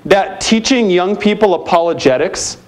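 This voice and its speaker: A man giving a live keynote talk at a conference, energetic and emphatic, firing off challenging rhetorical questions. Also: high voice, moderate pace. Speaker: keynote speaker at a youth ministry conference. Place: conference center hall.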